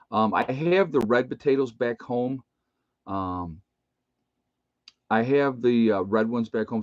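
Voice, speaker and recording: A man's voice: mid-range voice, no echo, dull audio. An older man, a retired nurse, chatting casually on a live stream, rambling and chuckling as he teases himself. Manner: rambling, chuckling, self-teasing. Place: indoor room with bookshelves.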